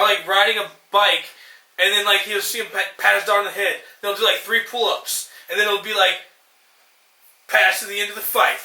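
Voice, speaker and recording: A man's voice: sits high, sharp tone. A man co-hosting a podcast, ranting in a rambling, profane way and acting out scenes in mocking voices. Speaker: podcast co-host. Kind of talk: casual ranting chat. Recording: roomy echo.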